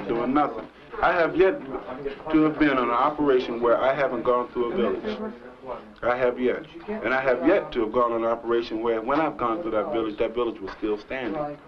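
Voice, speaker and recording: Young man rambling in lo-fi archive tape. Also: mid-range voice. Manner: rambling, peppered with 'you know'. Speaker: war veteran. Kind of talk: testimony at a panel. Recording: dull old archive recording with crowd.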